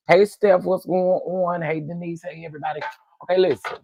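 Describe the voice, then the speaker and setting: A man hosting a casual livestream chat, greeting viewers by name in a lively, playful way. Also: sits high, brisk, no room sound, dull audio. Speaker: livestream host.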